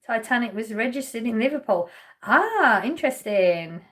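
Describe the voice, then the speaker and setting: On the high side and fairly bright, this woman's voice moves at a measured pace as she hosts a casual livestream. She's from Essex, England, reads viewer comments out loud, laughs often and trails off mid-sentence.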